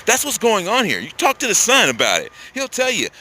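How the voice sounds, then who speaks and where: A man's voice: sits high, huge pitch swings, fairly quick, pushed and bright. A man delivering a profane, agitated, combative ranting monologue as host of his own channel.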